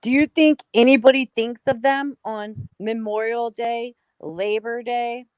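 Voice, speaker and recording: This is an angry, swearing American woman ranting in casual conversation. Her voice sits on the higher side and is recorded dry and close, with no room sound at all. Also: fairly even intonation, unhurried, darkish tone, clear, resonant tone, dry recording, poor audio. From United States. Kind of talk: heated casual talk.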